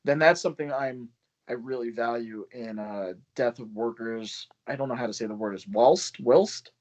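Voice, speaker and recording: A man's voice: medium pitch, moderate pace. A man who runs a small press, chatting loosely and swearing on a video call, laughing often. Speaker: small press publisher and poet. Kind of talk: casual video call chat. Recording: dull lo-fi call audio.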